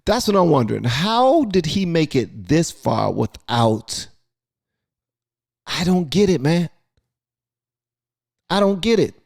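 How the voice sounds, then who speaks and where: A man's voice: on the high side, slow pace, gravelly, pauses often. A man hosting a reaction video, talking casually and in disbelief about a clip. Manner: incredulous, animated.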